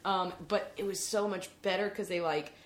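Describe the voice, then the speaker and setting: A woman's voice: medium pitch, fairly even intonation, normal speed. A woman hosting a podcast in casual chat, laughing often as she talks. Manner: giggly, laughs often while talking. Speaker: podcast host. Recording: roomy echo, faint noise.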